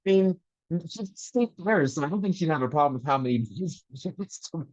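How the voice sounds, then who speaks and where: A man's voice: on the high side, animated, brisk, darkish tone. A man in casual group chat who tells stories animatedly, acting out quotes and laughing often. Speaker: panel guest. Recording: muffled lo-fi audio.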